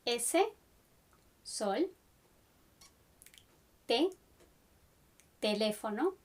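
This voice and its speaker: A woman teaching the alphabet in an upbeat, encouraging lesson, spelling out letters slowly. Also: fairly high pitch, animated. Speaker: language teacher. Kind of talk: friendly language lesson.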